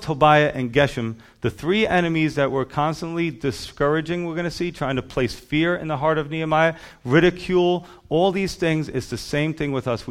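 Emphatic male pastor preaching. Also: on the high side. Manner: emphatic, rhythmic preaching with lists. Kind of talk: sermon.

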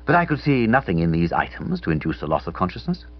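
Husky, low-voiced male comic narrator. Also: very animated, fast talker, dull audio. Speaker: audiobook narrator. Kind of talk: comic first-person narration.

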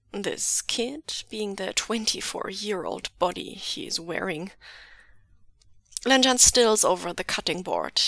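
A woman reading fan fiction aloud in a soft, measured voice that often drops to a half-whisper, close to the mic. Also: medium pitch, animated, creaky, dry recording. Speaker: podfic reader.

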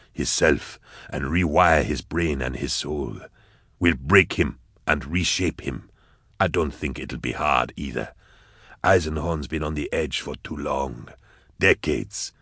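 A man voicing a ruthless, scheming villain leader, speaking low and quiet with menace. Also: measured pace, husky, no echo, studio quality, full character voice. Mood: menacing.

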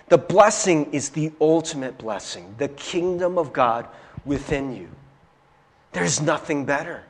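A male preacher whose fairly high voice rises and falls a great deal. He drops to near-whispers and then climbs back up, often stammering as he restarts. A long reverb trails each phrase. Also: slightly rough. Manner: animated, swings from loud to hushed, many stammered restarts. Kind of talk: sermon.

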